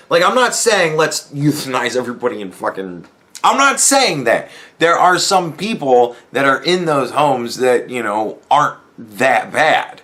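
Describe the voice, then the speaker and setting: A man's voice: medium pitch, sing-song, measured pace, sharp tone. A young man hosting a podcast, talking in a rambling, profane, casual monologue and laughing as he tells stories. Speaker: podcast host.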